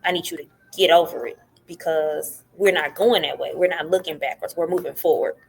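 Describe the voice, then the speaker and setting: A woman's voice: low voice, brisk, vocal fry. A middle-aged woman, a podcast guest telling her story in casual talk and acting out what others said. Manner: animated, acts out what others said.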